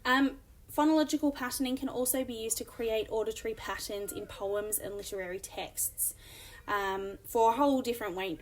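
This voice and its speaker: Woman teacher, mid-pitched, explanatory, filler-heavy lesson delivery. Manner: explanatory, many fillers, reads examples aloud. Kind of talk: recorded classroom lesson.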